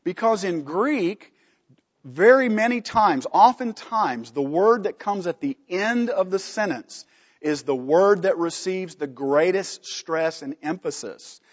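A man's voice: high voice, animated, slow, in a large hall, muffled recording. A man teaching a Bible study from slides, emphatic, putting questions to the class and answering them himself.

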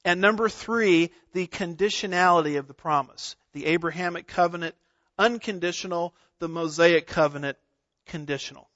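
High-voiced emphatic male preacher. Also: normal speed, a bit bright, dry recording. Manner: emphatic, rhetorical questions, stresses single words. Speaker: pastor. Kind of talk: expository sermon. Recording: dull lo-fi sound.

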